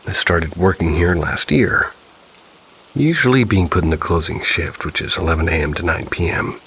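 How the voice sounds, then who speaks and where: A man reading submitted ghost stories aloud in calm, measured scripted narration. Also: low-pitched, breathy edge, rough recording.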